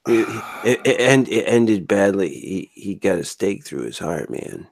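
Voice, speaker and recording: A man with a very deep, slow drawl who trails off with "man" and "dude". His pitch swings widely from low rumbles to sudden rises. He co-hosts a podcast in loose, joking banter. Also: animated, creaky, dry recording, studio quality. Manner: drawling, tacks "man" and "dude" onto lines. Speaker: podcast co-host. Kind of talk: casual stoned banter.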